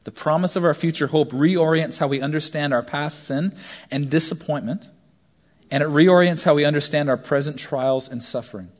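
A man in his thirties preaching a sermon, telling stories animatedly and swinging between hushed asides and loud shouts. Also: a little high, normal speed. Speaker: pastor.

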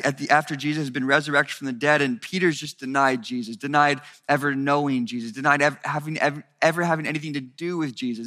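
With a sharp tone at medium pitch, this man delivers a sermon to his congregation, growing more intense as he continues. The hall around him is reverberant, and his manner stays earnest.

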